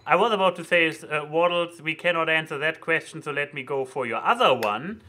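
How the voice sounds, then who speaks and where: A man's voice: a little high, brisk, bright, forceful tone. A young man hosting a casual podcast, rambling and stammering with crude language. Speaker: podcast host.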